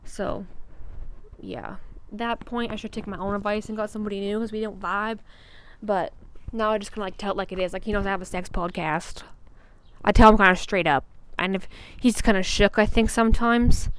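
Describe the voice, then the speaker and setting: A woman's voice: medium pitch, fairly even intonation, brisk, clear, resonant tone. Blunt, profane woman podcast host. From Canada. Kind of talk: casual solo podcast chat.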